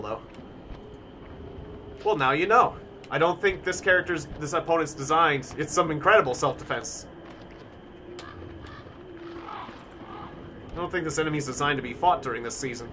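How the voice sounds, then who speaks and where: Guy streaming a survival game, kinda high voice, chatty and jumpy, yells now and then, noisy hum behind him. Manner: animated, thinking aloud, bursts of shouting. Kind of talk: live-stream gameplay commentary.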